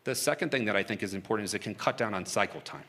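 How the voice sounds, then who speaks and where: Interviewed onstage about negotiating for hostages, a man speaks casually and frankly, chuckling often and restarting sentences. His voice is fairly low and fairly bright, and he talks rapid-fire.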